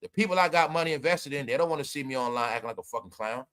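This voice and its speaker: Emphatic ranting man, bright voice. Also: medium pitch, animated, rapid-fire. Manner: emphatic, preachy, addresses viewers as y'all, swings loud and soft. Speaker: commentary streamer. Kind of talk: casual ranting commentary.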